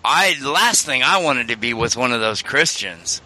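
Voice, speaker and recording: Bright-voiced rambling male host. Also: medium pitch, animated, a little slow. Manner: rambling, many restarts and fillers. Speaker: radio show host. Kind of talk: casual storytelling chat.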